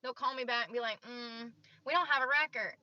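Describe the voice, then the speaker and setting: A woman's voice: a little high, fairly quick, highs cut off, heavy background noise. A woman streamer talking casually while filling out a form, frustrated and swearing a lot, muttering to herself. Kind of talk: casual rambling stream talk.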